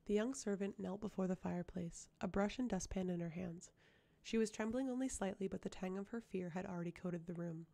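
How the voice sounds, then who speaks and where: A woman reading a fantasy novel aloud as an audiobook, at a measured, even pace. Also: medium pitch, vocal fry. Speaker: audiobook reader. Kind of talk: audiobook narration.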